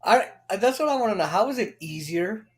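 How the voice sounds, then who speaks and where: A man co-hosting a casual chat who reacts with quick, incredulous rhetorical questions. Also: sits high, expressive.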